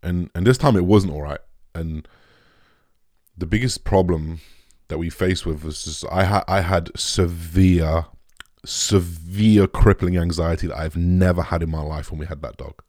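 A young male vlogger speaks candidly to camera in a very low, deep, slightly mellow voice, recorded dry and close with no echo or room sound. Emotionally shaken and raw, he halts, restarts, trails off, and swears often.

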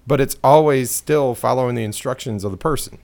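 Man, casual podcast chat, rambling, laughs a lot, opinionated, mid-pitched voice. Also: brisk, vocal fry, darkish tone. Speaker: podcast co-host.

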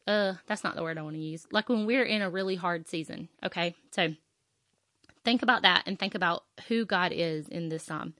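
Female podcast host, heartfelt and casual, full of ums and restarts; lowish voice, dry close sound. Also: moderate pace, sharp tone, dry recording. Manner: earnest and heartfelt, with frequent fillers and restarts. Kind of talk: faith podcast monologue, reading scripture.

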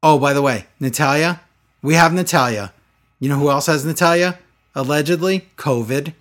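A man's voice: a little high, fairly even intonation, fairly quick. Sarcastic man ranting about a show. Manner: sarcastic, exasperated, mocking. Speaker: wrestling show reviewer. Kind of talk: casual chat.

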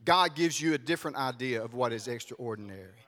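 A man's voice: medium pitch, lively intonation, brisk, a bit bright. A man preaching a sermon in a church, talking conversationally and animatedly to his congregation. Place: church sanctuary. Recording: long reverb of a large hall.

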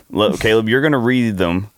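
A man's voice: lowish voice, unhurried, a little hiss or hum. An American man co-hosting a podcast, chatting casually and teasing his friends with lots of laughter. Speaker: podcast co-host. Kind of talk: casual chat.

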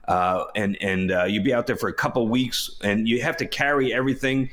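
A man's voice: mid-range voice, steady tone, fairly quick, a bit bright. A man, a former astronaut, telling a long story in casual chat, rambling, restarting and laughing as he goes. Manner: rambling, self-interrupting storyteller, laughs often. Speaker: former astronaut, podcast co-host. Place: home by the water.

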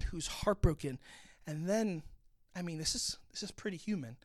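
A man's voice: a little high, animated, moderate pace, no room sound, clean studio sound. A man reading scripture aloud and explaining it in an earnest, reflective way, as a pastor giving a Bible talk.

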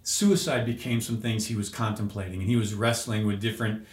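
A man's voice: fairly low pitch, fairly even intonation, brisk. A man telling an emotional personal story as a podcast guest, earnest and searching, with restarts. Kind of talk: personal testimony in an interview. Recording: roomy echo.

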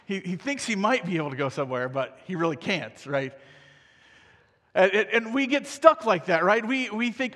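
High-voiced male pastor, echoing hall. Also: lively intonation, moderate pace, a bit bright. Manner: conversational preaching with frequent "right?" asides. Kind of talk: sermon.

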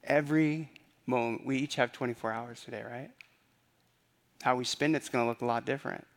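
A man's voice: mid-range voice, fairly even intonation, brisk. Conversational man preaching a sermon. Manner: conversational preaching with rhetorical questions and repeated phrases. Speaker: pastor.

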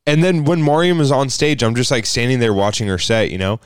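A man co-hosting a podcast, telling a story in casual chat, animated and profane, acting out the people in it. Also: medium pitch, a little fast, smooth, no room sound, studio quality. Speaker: podcast co-host.

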